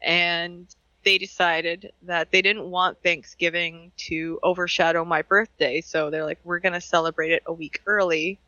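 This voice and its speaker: High, bright-voiced sentimental man. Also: flat delivery, unhurried, no room sound, lo-fi sound. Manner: earnest, openly sentimental. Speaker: podcast co-host. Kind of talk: heartfelt casual podcast chat.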